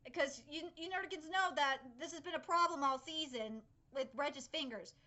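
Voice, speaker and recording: A young woman hosting a live anime reaction, excitable and rambling, swearing freely as she comments. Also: sits high, moderate pace.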